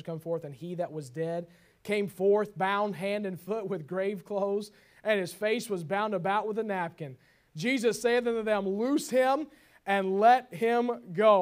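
A man preaching a sermon as pastor, swinging from loud exclamations to hushed, tender passages and reading scripture in old biblical wording. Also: high-pitched.

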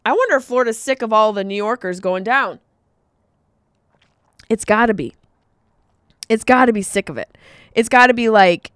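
A woman hosting a podcast, telling stories in an animated comedic monologue with jokey asides. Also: medium pitch, moderate pace, long pauses, dry recording, clean studio sound.

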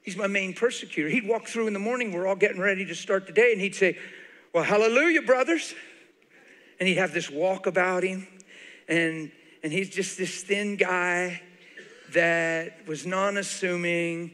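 A man's voice: high-pitched, normal speed. A man preaching a sermon to a church, telling a personal story with a lot of animation, laughter and tears in his voice. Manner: animated, laughing and crying as he tells stories. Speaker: guest preacher. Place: large church auditorium. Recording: live sermon with long hall reverb.

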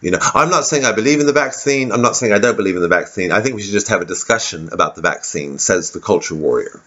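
Sardonic man rambling, low voice. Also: fast talker, sharp tone. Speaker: comedian. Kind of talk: rambling comic monologue. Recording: dull lo-fi recording.

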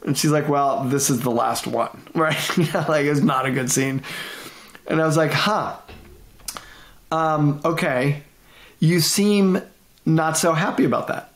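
A middle-aged man, a guest consultant, telling stories in a lively conversational way, acting out quotes and laughing often. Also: a little high, unhurried, long pauses, echoey room. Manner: animated, repeats and restarts, laughs often, acts out quotes. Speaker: guest, management consultant and author. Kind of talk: conversational interview storytelling.

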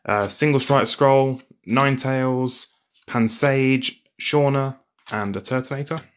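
Young male streamer, even mid-range voice, casual card-by-card callouts, slight background hiss. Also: medium pitch, measured pace. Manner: calls out card names in a steady list. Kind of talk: live-stream pack opening chat.

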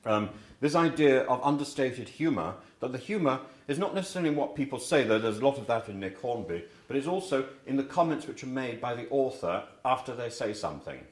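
A man's voice: mid-range voice, animated, a little fast, few pauses. A man from England teaching a class about books, rambling and chatty, with many fillers and restarts. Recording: echoey classroom.

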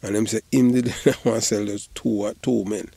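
A man's voice: fairly low pitch, fairly even intonation, brisk, vocal fry, mellow, husky, dry recording. A man with a Jamaican accent giving rambling, casual patois commentary, often repeating "you know". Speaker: online commentator.

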